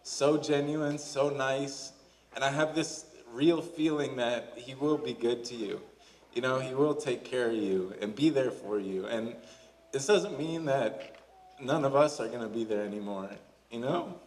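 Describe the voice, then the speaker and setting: Emotional young man giving a halting wedding toast. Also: mid-range voice, a little mellow. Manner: halting, emotional, full of fillers and "you know". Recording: distant camera, crowd noise behind.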